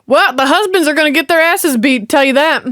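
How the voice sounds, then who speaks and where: A woman's voice: high voice, a little fast, a bit bright, no room sound, clean studio sound. A woman, chatting casually and talking back at a movie as she reacts to it. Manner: chatty, exclaiming, talks back to the screen. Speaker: reaction video host.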